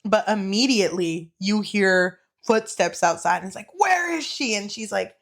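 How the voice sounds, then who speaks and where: A woman co-hosting a podcast, chatting casually about a book, with quick interjections and dramatic asides. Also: medium pitch, steady tone. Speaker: podcast co-host.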